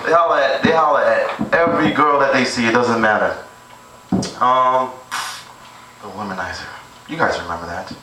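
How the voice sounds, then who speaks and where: A man's voice: medium pitch, normal speed, pauses often, sharp tone, slight background noise. A young man rehearsing crude stand-up jokes at home, rambling and laughing at his own material. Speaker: amateur stand-up comic. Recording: echoey room, far from camera mic.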